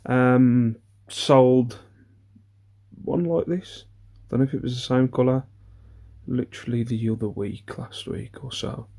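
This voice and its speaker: A man's voice: medium pitch, steady tone, a little slow, dark tone. A man, chatting casually through an eBay reseller's haul video. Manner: chatty, rambling, self-deprecating, many ums.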